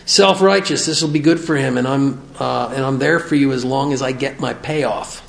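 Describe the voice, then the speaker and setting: A man's voice: mid-range voice, normal speed, creaky, a bit bright. A middle-aged man talking candidly to a group, reading from his notes and joking at his own expense. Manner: self-mocking, confessional, reads aloud from notes. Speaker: speaker sharing at a recovery meeting. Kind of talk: candid personal talk to a group. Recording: echoey room.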